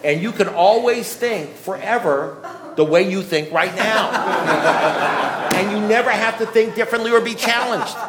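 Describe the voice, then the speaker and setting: Male meeting speaker: mock-outraged storyteller, sarcastic, slightly high-pitched. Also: moderate pace, very noisy. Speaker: speaker sharing at a recovery meeting. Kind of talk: storytelling talk to a group.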